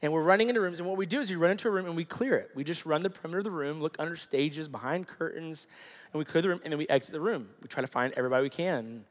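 A man's voice: on the high side, racing. A man in his thirties preaching a sermon, telling a personal story and acting out the people in it. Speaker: pastor. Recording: long hall reverb.

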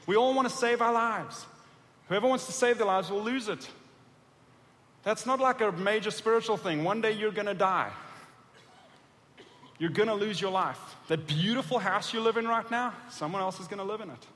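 Male pastor, high voice, animated sermon delivery that dramatizes scripture, long church reverb. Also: normal speed. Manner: animated preaching, acting out voices of scripture figures.

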